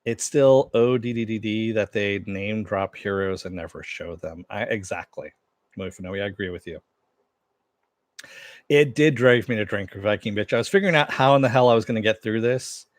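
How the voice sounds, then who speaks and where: Low-voiced man chatting casually, dry sound. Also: moderate pace, no room sound. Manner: rambling, loose, with many fillers and restarts. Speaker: show host. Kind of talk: casual live-stream chat with viewers.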